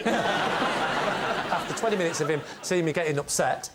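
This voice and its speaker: A man on a comedy panel show, telling a comic anecdote and acting out the shouts. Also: on the high side, measured pace, heavy background noise. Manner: animated storyteller, shouts in character.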